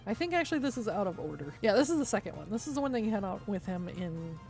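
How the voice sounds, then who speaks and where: A woman's voice: mid-range voice, big pitch swings, quick pace, darkish tone, faint music behind. A woman streamer giving heated, profane, sarcastic commentary on a livestream while reading through a document.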